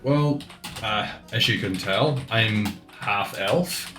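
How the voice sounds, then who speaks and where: Man doing a young half-elf man, Irish accent, rambling, restarts, lowish voice, roomy echo. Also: slow pace, pushed and bright, soft background music. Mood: somber. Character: half-elf male innkeeper's son, young, chatty.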